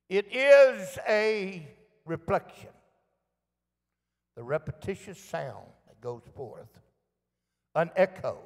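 Slow-talking preacher man in a reverberant church. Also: sits high, big pitch swings, creaky. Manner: storytelling, acts out shouted echoes and quoted voices. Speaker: pastor. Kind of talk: sermon. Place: church sanctuary. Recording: long reverb of a church hall.

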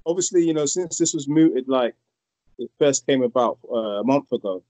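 A man's voice: medium pitch, animated, moderate pace, dark tone, no room sound, poor audio. A British man interviewing a guest over a video call, asking hesitant, repeated questions.

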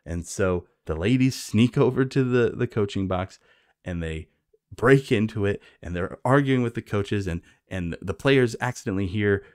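Sarcastic low-voiced movie reviewer. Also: male voice, normal speed, a little mellow, dry recording, studio quality. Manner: sarcastic, rambling, jumps into silly voices. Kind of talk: comedic movie recap.

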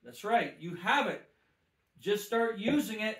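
A guest minister with a high voice and lively intonation tells his testimony at a moderate pace, the sound roomy. He speaks like an emphatic preacher, repeating phrases with rising force as he tells his story.

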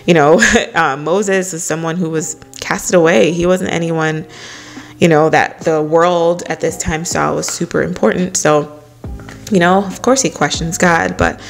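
A woman's voice: sits low, steady tone, unhurried, gravelly. A woman hosting a casual Bible study, talking conversationally and filling her speech with "you know". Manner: conversational, many "you know" fillers, light laughs.

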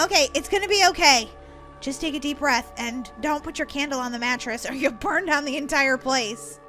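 A woman's voice: high-pitched, normal speed, music in the background. A woman role-playing in a game, talking dramatically, squealing and gasping, swinging from panic to jokes. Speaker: gamer playing as a character in a roleplay. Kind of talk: excitable game role-play chat.

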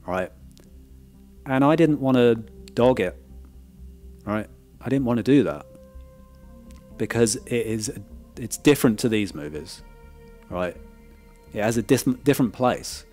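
A man's voice: fairly low pitch, darkish tone. A man giving a frank, casual review of a film disc, often checking in with "right?" and restarting his words.

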